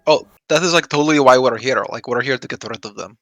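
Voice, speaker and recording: A man playing a tabletop game, excited and casual, full of "like". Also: mid-range voice, fast, dry recording, studio quality. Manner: excited, casual, says "like" a lot. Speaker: player.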